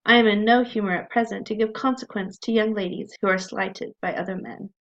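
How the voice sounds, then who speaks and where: A woman reading as a proud, aloof gentleman. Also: mid-range voice, steady tone, close to an everyday voice. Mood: disdainful. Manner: reading a quote aloud, measured. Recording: dull lo-fi recording.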